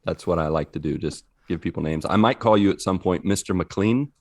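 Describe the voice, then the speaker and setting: Male host, low voice, joking and welcoming, dry room. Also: fairly quick, no room sound. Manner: friendly, joking, teasing. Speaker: podcast host. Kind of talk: casual chat.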